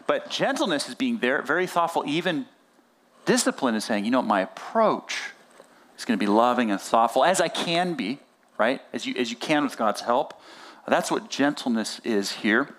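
A man preaching a sermon as pastor, conversational and animated, often acting out quoted dialogue. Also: fairly high pitch, a little fast.

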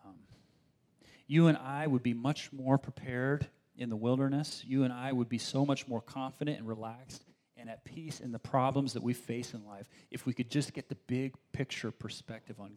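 A man preaching a sermon in a relaxed, conversational way, with asides to the congregation and quoted voices. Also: medium pitch, moderate pace. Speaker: pastor.

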